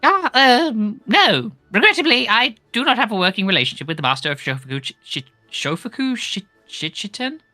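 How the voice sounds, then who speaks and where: A woman's voice: mid-range voice, sing-song, a little fast, hardly any pauses, sharp tone, no room sound, soft background music. A woman voicing a shifty, cowardly male informant who keeps fawning with "yes, yes" while reading game dialogue with friends. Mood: sly. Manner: wheedling, repeats "yes, yes".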